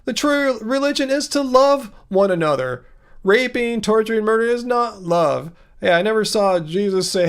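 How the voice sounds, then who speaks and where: High, animated, and clean in tone, this man's voice carries a live Q&A stream he hosts. He reads chat comments aloud and answers with playful sarcasm and quick comebacks.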